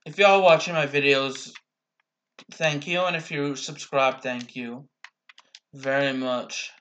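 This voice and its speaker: A young man casually commentating his own gameplay, rambling slowly with restarts, bothered by hiccups and coughs. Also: mid-range voice, fairly even intonation, fairly bright tone, a little hiss or hum.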